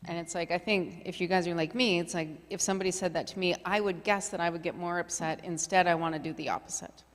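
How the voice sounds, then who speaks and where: A middle-aged woman with a fairly low voice runs a community leadership workshop, talking loosely and conversationally with plenty of fillers. Her voice rings out with the long reverb of a meeting hall. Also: steady tone, fast. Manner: chatty, filler-heavy, conversational. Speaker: workshop facilitator. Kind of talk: casual workshop presentation.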